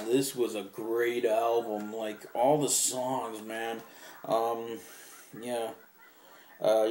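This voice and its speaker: A man's voice: medium pitch, darkish tone, echoey room. A young man casually showing off his favorite albums, enthusiastic and rambling, swearing now and then. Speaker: music collector vlogger. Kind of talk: casual show-and-tell.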